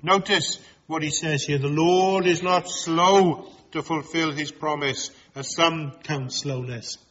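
A man's voice: fairly high pitch, steady tone, slow pace, fairly bright tone, muffled recording. A man preaching a sermon, speaking earnestly and appealing directly to his congregation.

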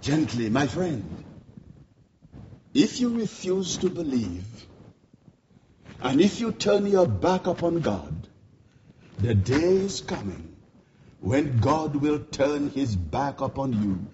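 Dramatic preacher, hushed to thundering. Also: male voice, big pitch swings, slow, lo-fi sound, a little hiss or hum. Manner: dramatic, swinging from hushed lows to shouted climaxes; repetitive rhetorical cadence. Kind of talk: sermon.

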